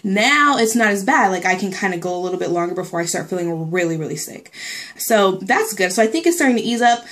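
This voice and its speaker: A woman's voice: medium pitch, expressive, quick pace, fairly bright tone. A young woman talks through a casual vlog update in a loose, rambling way, full of fillers. She sounds a little out of breath as she chats. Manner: chatty, rambling, lots of fillers and likes. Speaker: pregnancy vlogger.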